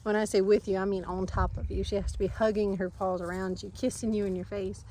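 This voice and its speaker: Woman in her 30s, chatty farm vlogger, rambling outdoor talk, quick to laugh. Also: mid-range voice, flat delivery, mellow, a little hiss or hum, poor audio. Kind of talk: casual chat to camera. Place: outdoors in a garden yard.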